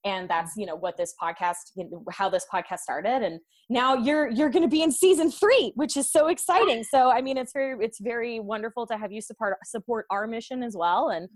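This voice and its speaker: A woman's voice: a little high, brisk, hardly any pauses. A woman hosting a podcast interview, effusive and rambling, with many fillers. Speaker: podcast host.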